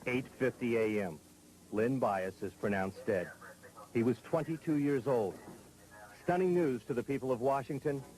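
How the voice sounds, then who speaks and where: A man narrating a television news report in a measured, grave, scripted delivery. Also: mid-range voice, a little mellow, low-quality recording.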